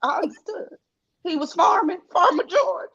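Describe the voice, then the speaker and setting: A woman co-hosting a casual chat, animated and quick with laughing asides. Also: extremely high pitch, creaky. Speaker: podcast co-host. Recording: dull lo-fi stream audio.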